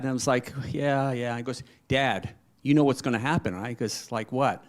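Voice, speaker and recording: An older man in a church question-and-answer session, telling a story in a halting, rambling way and quoting his son aloud. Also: medium pitch. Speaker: congregant asking a question. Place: church meeting room.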